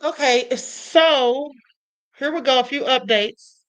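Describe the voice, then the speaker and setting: Female live-stream host, high bright voice, emphatic, speaks directly to her chat. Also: takes it slowly.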